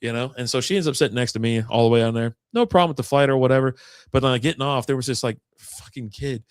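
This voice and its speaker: A man's voice: mid-range voice, quick pace, clear, resonant tone, no echo, studio quality. A man co-hosting a casual chat, telling a long story in a rambling, profane way and acting out what people said. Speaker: podcast co-host.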